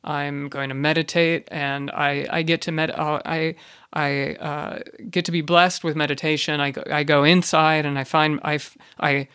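A man hosting a podcast, delivering an ironic comedic monologue in a rambling deadpan way with many fillers and restarts. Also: on the high side, normal speed, clean tone, no echo, clean studio sound. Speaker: podcast host.

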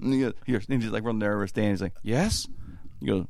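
A man's voice: on the low side, brisk, creaky, a little mellow, dry recording. A man hosting a casual chat, telling a story and laughing while he acts out voices.

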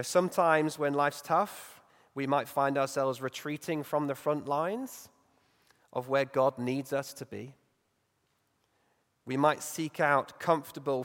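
A male preacher giving a Sunday morning sermon in a reflective, conversational way, growing animated as he acts out Bible stories. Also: fairly high pitch. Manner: reflective, conversational, lively when acting out stories. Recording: long reverb in a large hall.

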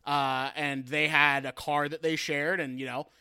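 Bright, crisp-voiced young man. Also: fairly high pitch, unhurried, no echo, studio quality. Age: young adult. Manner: animated storytelling, swears, laughs. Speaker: podcast co-host. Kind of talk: casual chat.

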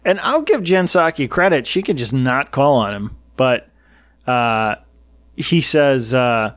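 A man's voice: mid-range voice, lively intonation, slow pace, a bit bright. A man hosting a casual political chat, rambling and sarcastic, who often acts out what others said.

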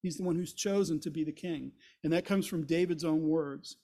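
A man with a fairly high but dark-toned voice, speaking at normal speed, teaches through a Bible chapter as a pastor. He retells the story, paraphrasing what the characters say in everyday language.

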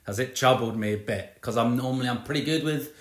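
A man's voice: medium pitch, quick pace, reverberant. A man co-hosting a podcast, rambling and sarcastic in casual banter. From British Isles. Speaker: podcast co-host.

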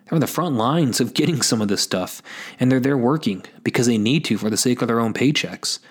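A man's voice: medium pitch, lively intonation, a little fast, breathy edge. Earnest man giving pastoral faith talk. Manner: earnest and exhortative, addresses listeners as folks; unscripted, with frequent repeats and restarts. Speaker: host of a Catholic talk show.

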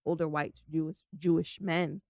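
A woman's voice: low-pitched, steady tone, normal speed, a little mellow, no echo, studio quality. A young woman co-hosting a podcast in casual chat, blunt and profane, talking with animation and lots of fillers. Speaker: podcast co-host.

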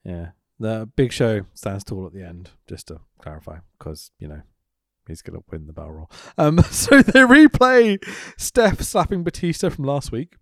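A man's voice: on the low side, sing-song, normal speed, fairly bright tone, no echo, studio quality. A man co-hosting a podcast, recapping wrestling in sweary, sarcastic casual chat and laughing often. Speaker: podcast co-host.

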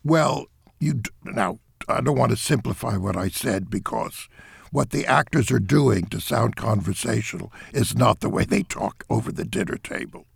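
An older man, a theater director, giving interview answers in an emphatic, animated way. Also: medium pitch, normal speed, gravelly, husky, no room sound, clean studio sound.

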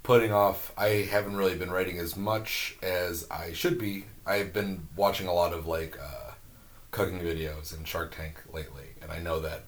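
Very deep-voiced stammering woman guest. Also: steady tone. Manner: halting, stammering, defensive. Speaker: podcast guest. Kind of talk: comedic podcast banter.

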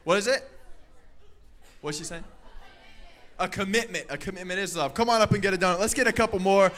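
A man leading a lively youth sermon on a handheld microphone, playful and energetic, often calling out loudly to the crowd. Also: sits high, fairly quick. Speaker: youth pastor.

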